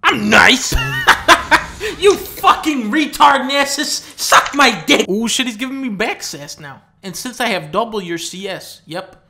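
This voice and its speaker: Bright-voiced man's profane gameplay commentary. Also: lively intonation, a little slow, creaky, faint music behind. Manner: profane, mocking, swings from low mutters to sudden shouts.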